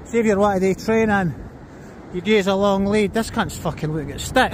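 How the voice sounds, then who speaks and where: A man's voice: high voice, fairly quick, slight background noise. A Scottish man vlogging outdoors while walking his dog, blunt and sweary, giving commands. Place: outdoors on a seafront by a road.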